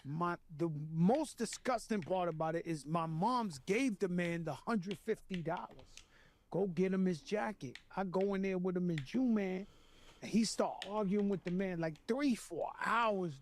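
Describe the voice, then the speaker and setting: Animated profane man telling stories. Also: sits high, moderate pace. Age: 50s. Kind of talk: casual storytelling chat. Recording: faint background noise.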